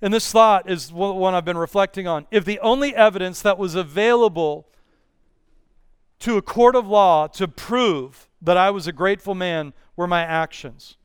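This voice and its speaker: A male pastor preaching an earnest, measured sermon with Bible readings. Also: high-pitched, smooth, dry recording, studio quality.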